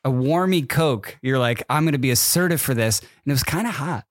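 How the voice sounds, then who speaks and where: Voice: medium pitch, expressive, a little fast, dry recording, studio quality. A podcast co-host in casual chat, teasing and leaning hard on "like". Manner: teasing, heavy use of "like".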